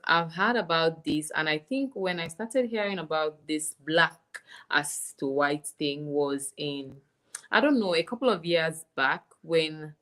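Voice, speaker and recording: A woman's voice: deep voice, fairly bright tone. A young woman, candidly musing aloud in casual chat as a podcast co-host.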